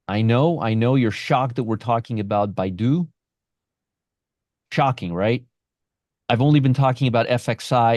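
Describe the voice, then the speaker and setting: A man's voice: mid-range voice, darkish tone, no echo. A man hosting a live stream on options trading, brash and sarcastic, answering viewers from the chat by name.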